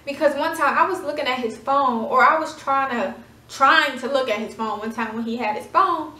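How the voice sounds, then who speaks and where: A woman's voice: high-pitched, moderate pace, pushed and bright. A woman in her twenties, chatting dramatically through a casual storytime with lots of fillers. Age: 20s. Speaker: vlogger. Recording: echoey room, voice from far off.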